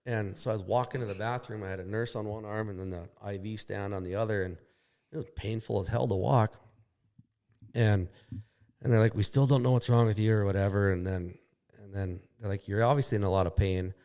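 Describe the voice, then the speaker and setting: Low-voiced Midwestern man telling a wry story. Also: fairly even intonation, a little fast, darkish tone, smooth. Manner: plainspoken, mildly profane, wry. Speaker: podcast guest, snowmobile racer. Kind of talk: casual storytelling.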